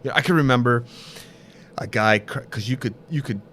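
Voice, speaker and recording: A man's voice: mid-range voice, normal speed, a little hiss or hum. A man from Michigan hosting a podcast, telling stories in casual chat and swearing freely. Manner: swears freely, animated storytelling. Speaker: podcast host.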